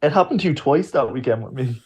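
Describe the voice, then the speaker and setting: A man's voice: mid-range voice, fast, husky. A man, a podcast co-host telling a story in casual chat and acting out the lines of the people in it. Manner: lively storyteller, acts out quotes.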